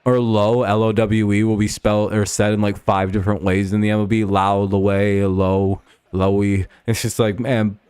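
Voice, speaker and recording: A man hosting a live stream, giving casual play-by-play and rambling, swearing chat between pitches. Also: level tone, brisk, few pauses, darkish tone, clear, resonant tone, dry recording. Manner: rambling and profane, with frequent fillers.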